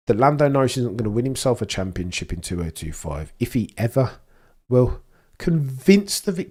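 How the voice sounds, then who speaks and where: A young man hosting a live watchalong, talking in a rambling, opinionated way and often restarting his sentences. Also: mid-range voice. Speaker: livestream host. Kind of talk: casual live commentary.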